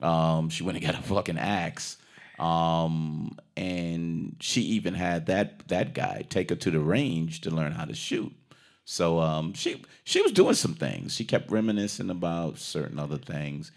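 A man with a very deep, gravelly voice that still swings widely up and down as he talks. He recaps a story in loose, casual chat. He swears freely and keeps dropping into little acted-out quotes. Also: expressive, unhurried.

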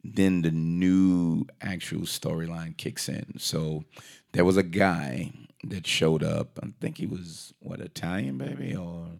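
A deep-voiced man with a gravelly edge chats through a film's plot, rambling and animated. He keeps breaking into quick quoted voices and starts his sentences over. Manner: rambling, animated retelling with acted quotes and restarts. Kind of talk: casual movie recap chat.

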